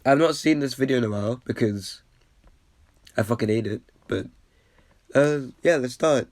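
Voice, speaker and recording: A man's voice: medium pitch, moderate pace, darkish tone, no room sound. A slightly sick man giving casual commentary as he reacts to his own old video, rambling with lots of fillers and restarts and poking fun at himself. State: a bit sick.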